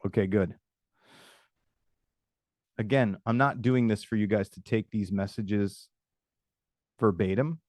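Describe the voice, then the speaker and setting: Male sales coach, low voice, energetic and improvising, dry video-call sound. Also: slow pace, pauses often, no echo. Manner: energetic, improvises sample messages aloud, addresses attendees by name. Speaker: webinar host and sales coach. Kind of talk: live webinar teaching.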